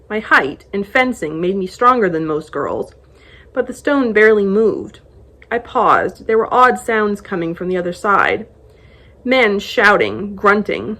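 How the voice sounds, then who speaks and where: Woman reading a novel excerpt aloud. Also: medium pitch. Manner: expressive first-person storytelling. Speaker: book blogger.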